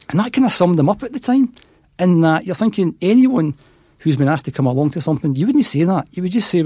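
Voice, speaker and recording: A man's voice: a little high, animated, fast, mellow, husky, dry recording, studio quality. A middle-aged Scottish man, a podcast guest, telling stories and acting out the dialogue in them. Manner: acts out quoted dialogue in his stories. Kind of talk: anecdotal storytelling.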